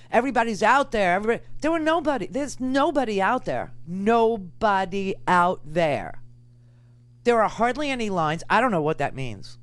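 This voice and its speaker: A woman's voice: medium pitch, no echo. A middle-aged woman hosting political talk radio, emphatic and indignant, repeating phrases for effect. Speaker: radio talk show host.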